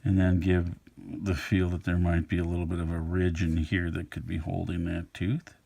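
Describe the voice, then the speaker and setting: Low gravelly man narrating a drawing lesson. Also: monotone, moderate pace, warm tone. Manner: easygoing, musing, thinks aloud while sketching. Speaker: art instructor. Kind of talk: relaxed drawing tutorial narration.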